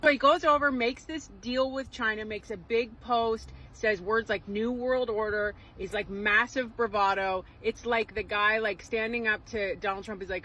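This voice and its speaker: A woman's voice: on the high side, steady tone, moderate pace, few pauses, bright, forceful tone, slight background noise, poor audio. A woman, giving emphatic, sarcastic political commentary in a vlog. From Canada.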